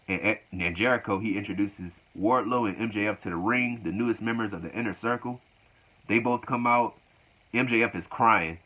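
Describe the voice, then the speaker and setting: A man casually recaps a show in a low voice. He rambles, repeats himself and laughs as he goes. The recording is muffled and lo-fi. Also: moderate pace. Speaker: wrestling show reviewer. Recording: lo-fi dull recording.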